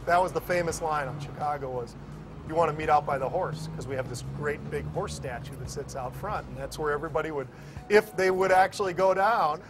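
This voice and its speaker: A male trader tells forceful anecdotes about life in the pit. His voice runs somewhat high, with faint music behind him. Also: a little fast. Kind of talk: documentary interview.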